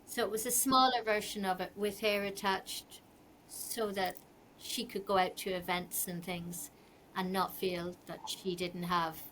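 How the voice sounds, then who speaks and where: A woman's voice: mid-range voice, flat delivery, measured pace, fairly bright tone, slight background noise. A middle-aged Irish woman, a fashion designer, chatting as a podcast guest and telling rambling stories with many ums. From Ireland. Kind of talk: casual interview chat.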